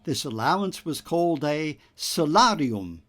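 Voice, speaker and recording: A man preaching a homily at an unhurried, deliberate pace. His voice sits a little high and rises and falls expressively as he explains, with measured teaching emphasis. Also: sing-song, a bit bright. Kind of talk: scripted homily.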